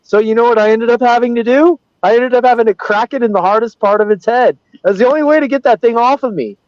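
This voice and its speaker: A man's voice: very high voice, fast, a little mellow, dry recording. A man in casual podcast chat, giving blunt, emphatic advice. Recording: dull, dry lo-fi sound.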